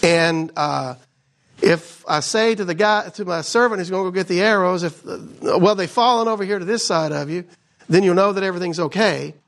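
A man's voice: high voice, vocal fry, fairly bright tone. A man giving a casual sermon as a Bible teacher, in a conversational way that keeps checking in with his listeners. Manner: conversational, keeps asking "right?".

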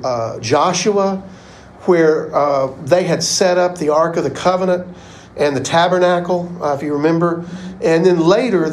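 A man's voice: fairly high pitch, poor audio. A man teaching a casual Bible class, chatty and rambling. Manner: chatty, rambling, uses "y'all".

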